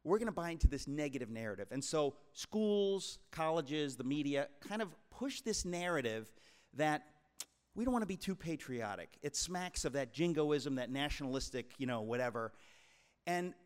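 An author in his sixties from the New York area gives an emphatic, preacherly talk to a live crowd, calling them folks. His voice sits a touch higher than most men's. The sound carries the long reverb of a large hall. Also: animated, moderate pace, clean tone. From New York tri-state area, USA. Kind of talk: speech to a live audience.

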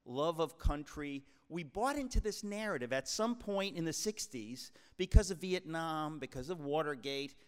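An author in his sixties from the New York area gives an emphatic, preacherly talk to a live crowd, calling them folks. His voice sits a touch higher than most men's. The sound carries the long reverb of a large hall. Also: lively intonation, normal speed, hardly any pauses, clear, resonant tone. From New York tri-state area, USA. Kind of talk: speech to a live audience.

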